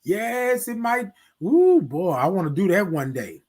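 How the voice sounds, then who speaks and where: A man's voice: sits high, very animated, unhurried, a little mellow. A man hosting a live morning stream, giving motivational talk straight to his viewers and repeating his key points. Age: adult, military veteran. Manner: preachy, repeats key phrases, talks to viewers directly. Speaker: host of a live morning show.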